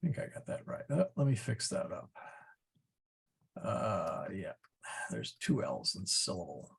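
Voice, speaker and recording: A man teaching a class, explaining step by step in a patient, methodical way with frequent pauses and fillers. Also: fairly low pitch, sing-song, gravelly, husky. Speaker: Latin teacher.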